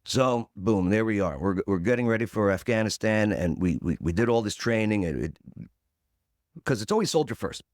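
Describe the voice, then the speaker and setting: Telling a punchy story at normal speed, a man in his forties on a podcast plays out other people's voices and keeps throwing in "boom." The recording is studio quality with no echo.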